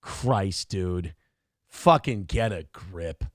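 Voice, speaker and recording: A man's voice: deep voice, expressive, drawn-out words, no room sound, studio quality. A man hosting a casual morning show, talking in a blunt, profane and sardonic way. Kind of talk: casual podcast chat.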